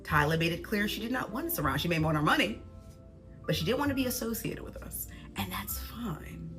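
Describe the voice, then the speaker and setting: A woman from the United States giving casual, animated and sarcastic commentary. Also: medium pitch, quick pace, soft background music. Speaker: social media commentator.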